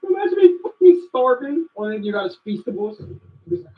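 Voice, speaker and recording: A man with a high voice that swings up and down jokes loudly and boastfully through video commentary. His sound is thin and tinny, like a phone line. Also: fast. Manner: loud, boastful, animated joking. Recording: tinny phone-like clip audio.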